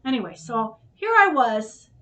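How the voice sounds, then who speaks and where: Woman vlog host with a higher voice; candid, emotional storyteller who curses when worked up. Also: very animated, a little slow, a bit bright. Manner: emotional, frank, swears when upset. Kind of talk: candid storytelling to her son.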